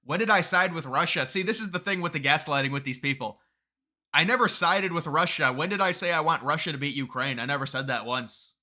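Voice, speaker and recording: Bright-voiced, heated male live streamer. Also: a little high, fairly quick. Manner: argumentative, gets heated and emphatic; restarts and repeats words often. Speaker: live streamer reading viewer chat. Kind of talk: political live-stream commentary.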